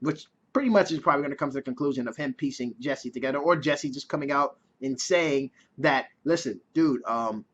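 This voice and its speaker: A man's voice: medium pitch, fast, few pauses, fairly bright tone. A man casually reviewing a TV episode in a chatty way, swearing freely. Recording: dull lo-fi recording.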